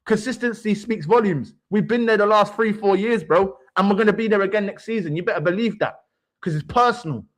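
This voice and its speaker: A man's voice: sits high, a bit bright. A young man hosting a livestream, ranting brashly about football with swaggering street slang. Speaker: livestream host. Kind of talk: heated fan rant.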